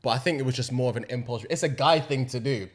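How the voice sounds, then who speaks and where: A man's voice: mid-range voice, quick pace. A man co-hosting a podcast with an easygoing, agreeable manner and a mid-range voice. He chats casually and drops swear words without much weight. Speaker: podcast co-host. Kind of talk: casual chat.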